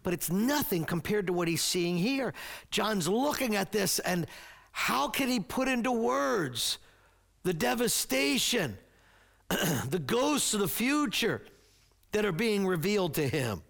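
A man preaching a sermon as pastor, earnest and emphatic, with halting restarts. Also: high voice, very animated, gravelly, fairly bright tone.

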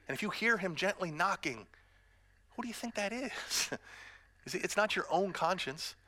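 A man's voice: high voice, expressive, normal speed, pushed and bright. A middle-aged man preaching a sermon as pastor, earnest and direct with the congregation, mixing in self-deprecating humor.

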